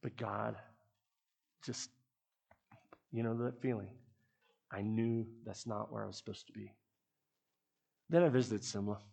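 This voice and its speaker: A man's voice: fairly low pitch, measured pace, gravelly, pauses often, darkish tone, husky. A man who leads a youth ministry, giving an earnest, conversational sermon to the people who support it. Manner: earnest, conversational preaching with restarts.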